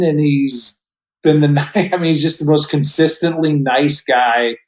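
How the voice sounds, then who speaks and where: A man's voice: medium pitch, rough recording. Reflective middle-aged man telling stories. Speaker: guest broadcaster. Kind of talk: relaxed podcast storytelling.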